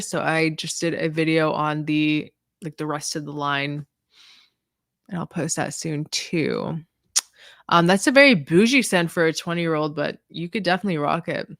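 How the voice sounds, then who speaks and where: A woman's voice: lowish voice, a bit bright, dry recording, studio quality. A woman hosting a casual livestream Q&A, answering viewers in a chatty, rambling way full of "like" and "um". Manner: chatty, filler-heavy, lots of "like" and "um". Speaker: fragrance reviewer hosting a livestream.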